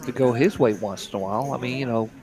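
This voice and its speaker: A man's voice: medium pitch, fast, darkish tone. A middle-aged man from Delaware giving laid-back, chatty play-by-play commentary on a live poker broadcast.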